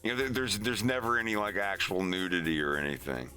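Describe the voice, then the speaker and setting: A man streaming his animation work, chatting casually and rambling with halting restarts. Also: low-pitched, bright, forceful tone, faint music behind.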